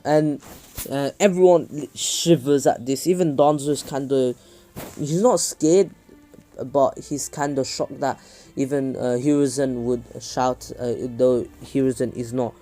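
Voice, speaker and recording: Man narrating a story haltingly. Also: mid-range voice, warm tone. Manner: halting, many fillers and restarts.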